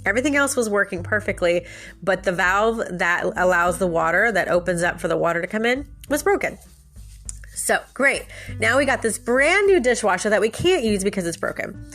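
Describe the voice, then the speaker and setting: A woman hosting a podcast, telling a personal story in a casual, animated way and laughing often. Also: medium pitch, normal speed, soft background music. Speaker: podcast host and life coach.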